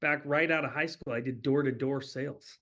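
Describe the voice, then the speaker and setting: A man's voice: medium pitch, fairly even intonation, brisk, pushed and bright. A man speaking as a guest on a webinar in casual, easygoing conversation over a video call. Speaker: guest, company president. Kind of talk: casual interview chat. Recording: muffled lo-fi web audio.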